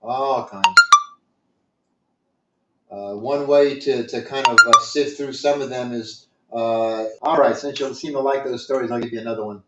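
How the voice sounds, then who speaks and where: A man's voice: medium pitch, steady tone, measured pace, over loud music. A man telling stories in a casual, rambling way with many fillers and restarts and a dry sense of humor, heard over a video call. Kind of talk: casual storytelling. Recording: echoey, dull lo-fi sound.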